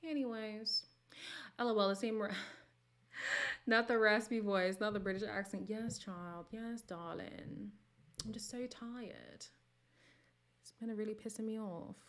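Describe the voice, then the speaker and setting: A woman hosting a casual livestream, reading viewer comments and talking frankly, her voice jumping from loud outbursts to soft near-whispers. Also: on the high side, measured pace, pauses often. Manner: candid and sassy, swings between loud bursts and near-whispers. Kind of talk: casual chat.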